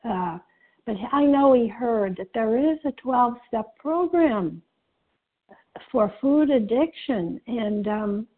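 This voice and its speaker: A woman giving an earnest personal share at a recovery meeting, pausing often with fillers. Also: a little high, lively intonation, breathy edge. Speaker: meeting member sharing. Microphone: phone conference call. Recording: tinny phone line.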